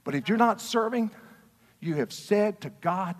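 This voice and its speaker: A man preaching a sermon as a pastor, passionate and swinging between quiet talk and shouting. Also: high-pitched, animated, measured pace, in a large hall. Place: church sanctuary.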